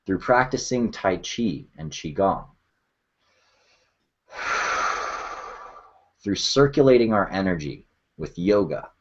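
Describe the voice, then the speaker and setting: Soft-spoken deep man, dull lo-fi sound. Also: slightly rough. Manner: slow, soft, sighing, emotionally open. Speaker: workshop leader. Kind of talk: guided emotional check-in.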